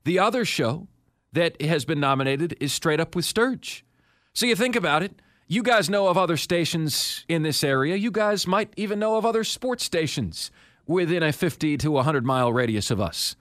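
A man's voice: on the high side, expressive, moderate pace, a bit bright, no room sound. A male sports talk radio host with a somewhat raised voice, delivering a confident, emphatic monologue into a studio mic. The sound is dry and close, with no room around it.

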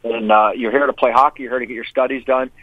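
A hockey coach calling in, chatting casually about players in quick, rambling sentences that he often restarts. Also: medium pitch, fairly even intonation, no room sound. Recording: tinny phone line.

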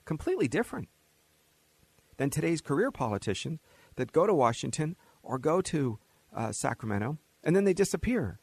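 A man hosts a talk radio show with a gravelly, somewhat husky voice that sits a little high for a man. He talks in an animated, mocking way. The sound is dry and close, with no room around it. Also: normal speed, no room sound. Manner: animated, mocking, acts out quoted voices with laughs. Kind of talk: opinionated talk radio monologue.

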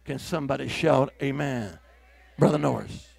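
A man's voice: medium pitch, normal speed, vocal fry, a little mellow, slightly rough. A man preaching a revival sermon, exhorting the congregation with fervent calls of hallelujah.

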